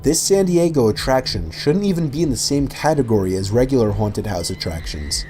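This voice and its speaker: A man reading a scripted countdown narration in a measured, matter-of-fact way. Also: medium pitch, animated, warm tone. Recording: voice-over with clear background music.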